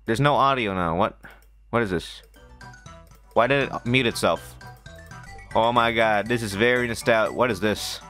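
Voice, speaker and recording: A man giving excitable let's-play commentary, talking to himself and shouting at the game. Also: on the low side, unhurried, long pauses, soft background music. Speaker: gamer.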